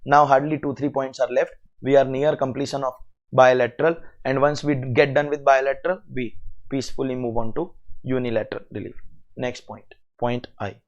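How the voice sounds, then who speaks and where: A man with an Indian English accent teaching a tax lecture to students, animated and full of rhetorical questions. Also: medium pitch, a little fast, highs cut off. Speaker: CA exam lecturer.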